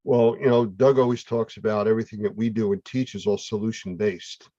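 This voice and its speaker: A man's voice: fairly low pitch, steady tone, a little fast, dark tone, no echo, lo-fi sound. A man hosting a casual chat, talking in a conversational, explanatory way. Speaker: host.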